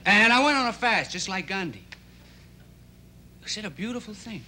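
A young actor playing an earnest, idealistic teenage boy in a 1960s TV drama. He talks in a halting, rambling way full of restarts. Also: high-pitched, animated, pushed and bright, a little hiss or hum, exaggerated voice.

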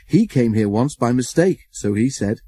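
A man's voice: medium pitch, expressive, moderate pace, mellow, husky, no room sound. A man voicing Ben, a mischievous male tank engine who speaks with mock innocence in a storybook reading. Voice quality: falsely innocent.

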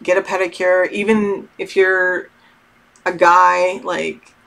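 Candid, unhurried middle-aged woman. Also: lowish voice, little pitch movement, creaky, fairly bright tone. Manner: candid, loose and swears freely; slow, meandering talk with many fillers. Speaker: tarot channel host. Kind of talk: casual spiritual advice to viewers.

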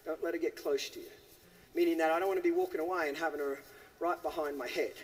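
A man's voice: on the high side, steady tone, fast talker, in a large hall. A man giving a live horse-training demonstration, asking his listeners questions and tagging lines with "okay?". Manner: asks the audience questions, keeps saying okay. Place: horse arena.

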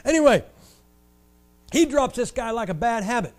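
An older man from Ohio, USA, delivers a storytelling sermon in a noticeably high voice at a moderate pace. He tells his stories with animated energy and lands his jokes with dry, wry sarcasm.

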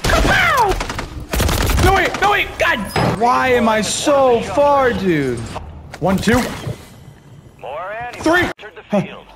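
Young male gamer, high lively voice, shouty and crude; loud gunfire behind. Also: takes it slowly, long pauses, background noise. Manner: loud, excitable, crude, jokey, yelps and shouts. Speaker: gaming video creator. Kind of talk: casual gameplay commentary. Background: loud game gunfire.

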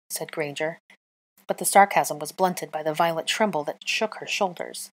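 A woman reading fanfiction aloud with measured, expressive storybook narration. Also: sits low. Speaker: fanfiction reader.

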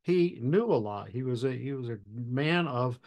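A man hosting a podcast, telling a fire service story in a measured, deliberate way with pauses. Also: medium pitch, expressive, darkish tone. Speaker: podcast host and fire officer instructor. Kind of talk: storytelling anecdote.

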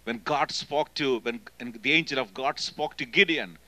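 A man with an Indian accent preaching a sermon in church as a guest speaker, emphatic and swinging between loud and hushed delivery. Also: medium pitch, moderate pace, no room sound, low-quality recording. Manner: emphatic, often calling "hello?" to the congregation.

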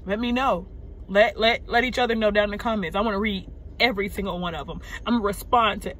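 A woman, venting unscripted to her viewers from a parked car. She is upset and shaken, sighing, halting and repeating words. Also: mid-range voice, a bit bright, slight background noise. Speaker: vlogger. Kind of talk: unscripted emotional vent to camera. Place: parked car in a parking lot.

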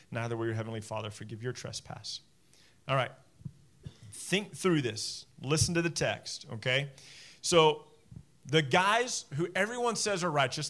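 A man in his forties, a pastor giving a sermon in a conversational, animated way, with many asides to the congregation. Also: mid-range voice. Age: 40s.

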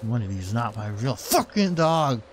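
A man's voice: medium pitch, sing-song, measured pace, slight background noise. A man giving casual let's-play commentary who swears constantly and talks to his sled dogs and to the game. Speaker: gaming channel host.

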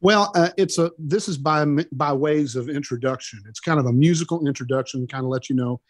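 Male musician, folksy and stammering, slightly high, dry sound. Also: fairly quick, no room sound. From Oklahoma, USA. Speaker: musician guest. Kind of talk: interview chat.

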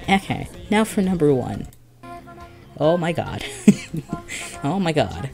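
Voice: medium pitch, big pitch swings, drawn-out words, creaky, long pauses, soft background music. Rambling, giddy creator with a headache. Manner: rambling and giddy, with many restarts and laughs. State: has a headache. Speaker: video creator. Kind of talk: casual vlog commentary.

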